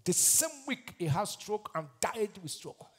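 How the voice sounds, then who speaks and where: A man preaching a fiery sermon as pastor, breaking into loud shouted peaks and reciting scripture. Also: high-pitched, sing-song, a little slow, slightly rough. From Nigeria. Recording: long hall reverb.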